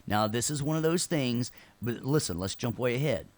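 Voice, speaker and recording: A man's voice: mid-range voice, lively intonation, normal speed, dry recording. A man teaching a casual online class, loose and joking, who keeps checking in with his students by asking "right?". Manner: checks in with frequent "right?" tag questions; loose and joking, with sarcastic asides. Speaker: instructor.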